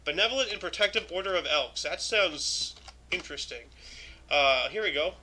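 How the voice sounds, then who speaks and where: Bright-voiced man hosting a casual history stream. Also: a little high, expressive, normal speed, slight background noise. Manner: reads dates aloud then adds offhand asides, many fillers. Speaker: show host. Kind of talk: casual history livestream commentary.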